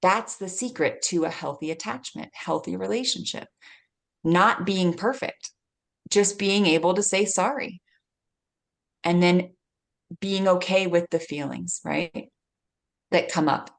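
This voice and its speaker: A woman's voice: fairly low pitch, a little slow, vocal fry, pauses often. A woman in her forties, a guest speaker giving earnest parenting advice, often laughing and acting out short exchanges. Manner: earnest, laughs often, acts out little dialogues. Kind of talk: warm advice talk.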